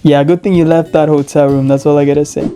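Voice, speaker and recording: A man's voice: a little high, little pitch movement, quick pace, dark tone, faint music behind. A man hosting a reaction show, reacting to clips in slangy, exasperated casual talk with frequent laughs. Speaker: reaction podcast host.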